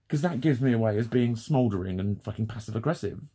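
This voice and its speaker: Husky man ranting. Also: mid-range voice, fast talker, few pauses, dark tone. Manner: swears constantly, laughs often, exasperated rant. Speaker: vlogger. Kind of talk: unscripted ranting monologue.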